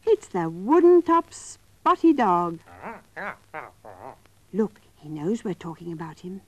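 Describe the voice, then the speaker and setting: A woman narrating a story for young children in a gentle, coaxing way, talking straight to them. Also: lowish voice, sing-song, takes it slowly, dry recording.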